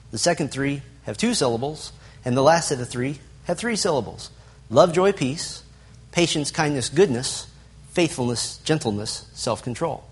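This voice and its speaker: A man with a husky, medium-pitched voice teaches a Bible lesson to a group. He puts emphasis on lists and asks the audience questions.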